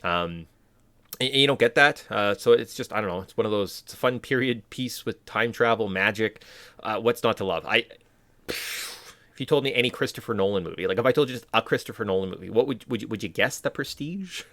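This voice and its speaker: Rambling low male podcast co-host, dry. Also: fairly quick, bright, forceful tone, dry recording. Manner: rambling, filler-heavy, mock-quotes with jumps in pitch. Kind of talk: casual chat.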